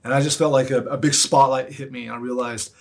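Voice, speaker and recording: A man delivers a sermon with a husky, slightly breathy voice. He preaches earnestly and presses his points through repetition, sitting at a middle pitch for a man. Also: steady tone, quick pace. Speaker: pastor.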